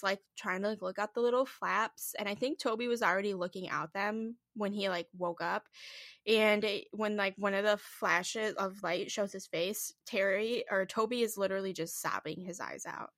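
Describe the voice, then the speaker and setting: A woman's voice: mid-range voice, normal speed, fairly bright tone, no echo, clean studio sound. A woman co-hosting a podcast, telling a spooky story in a loose, casual way, full of "like"s and swearing. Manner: loose retelling with many "like"s and swearing. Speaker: podcast co-host.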